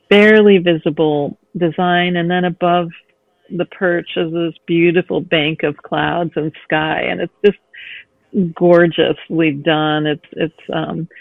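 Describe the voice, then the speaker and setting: A woman novelist answering interview questions, thoughtful and quick to laugh. Her voice comes through a thin, phone-like line with no room reverb. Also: deep voice, creaky. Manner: warm, thoughtful, laughs easily. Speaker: novelist guest. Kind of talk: interview conversation. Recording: tinny phone line, dry.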